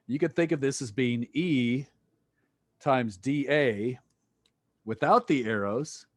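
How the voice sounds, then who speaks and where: A man with a mid-range voice gives an online physics lecture, playful and jokey, tossing questions at students as he goes. The audio is dry and close, with hardly any room around it.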